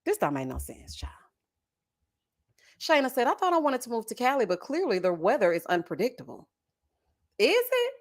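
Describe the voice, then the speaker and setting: Sassy, animated woman. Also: on the high side, normal speed, pauses often. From Texas. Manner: sassy, animated, big laughs, calls viewers honey and child. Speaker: host of a reality TV reaction channel. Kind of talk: casual reaction commentary.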